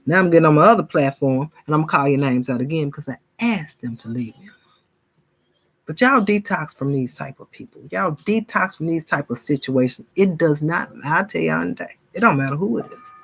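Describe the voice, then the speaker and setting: Speaking in a low, animated, brisk voice with a creaky, breathy edge, this woman preaches casually and fervently to her viewers. She's a spiritual vlogger who addresses them as y'all and now and then mimics gossips.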